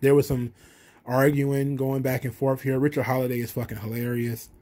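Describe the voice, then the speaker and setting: A man's voice: mid-range voice, level tone, moderate pace, warm tone. A man hosting a wrestling review channel, recapping a show in a blunt, profane, rambling way.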